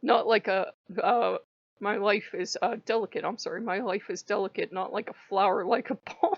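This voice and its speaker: A woman's voice: medium pitch, normal speed, dry recording, highs cut off. A woman hosting a casual storytelling vlog, chatty, laughing often and acting out bits of dialogue. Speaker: channel host.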